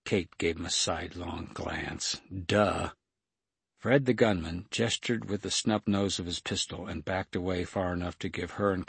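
A man reading an audiobook as narrator, in a steady, measured storytelling manner. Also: low-pitched, vocal fry, husky, dry recording. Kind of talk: scripted narration.

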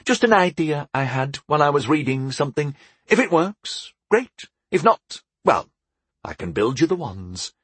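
A man's voice: a little high, very animated, moderate pace, a bit bright, husky, no room sound, voice pushed up, full character voice. A man voicing a young, mischievous and smug male enchanter in an audiobook, with a knowing, playful delivery. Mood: eager. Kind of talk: audiobook character voice.

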